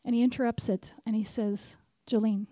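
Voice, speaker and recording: Woman preaching, highish voice, dry close sound, repeats stuff and asks the crowd things. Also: moderate pace, no room sound. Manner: animated, repeats key lines, asks the crowd questions. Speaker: conference speaker. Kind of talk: sermon.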